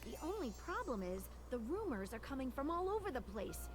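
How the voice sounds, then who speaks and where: A woman's voice: sits high, sing-song, brisk, noisy background. A woman voicing an earnest female detective, a magnifying glass, in a formal, theatrical manner. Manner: formal, theatrical sleuth delivery. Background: game music.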